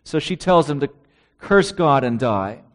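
A male preacher delivering a sermon at an unhurried, deliberate pace. He reads scripture aloud and keeps putting rhetorical questions to his listeners, in a voice set a little high for a man. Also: animated.

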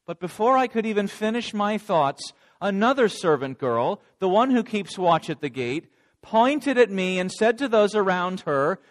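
A man voicing a remorseful adult male disciple, telling of his denial in a dramatic first-person monologue. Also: sits high.

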